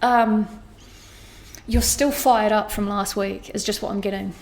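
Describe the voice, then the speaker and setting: A woman giving an intuitive astrology reading to camera, animated and blunt, swearing casually as she talks. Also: mid-range voice, measured pace, vocal fry. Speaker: astrology tarot reader.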